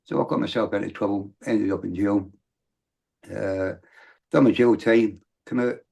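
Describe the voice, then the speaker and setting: A middle-aged man with a gravelly, fry-heavy voice. He tells his story as a guest in loose, rambling sentences, restarting often and then rising into emphatic bursts. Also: lowish voice, steady tone, normal speed, warm tone. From Britain. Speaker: podcast guest. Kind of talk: candid storytelling.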